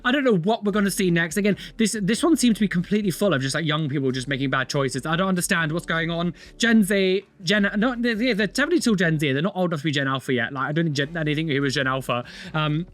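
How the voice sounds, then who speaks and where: A man's voice: a little high, fast, a bit bright. A young man casually reacting to tattoo videos, opinionated, chatty and self-mocking.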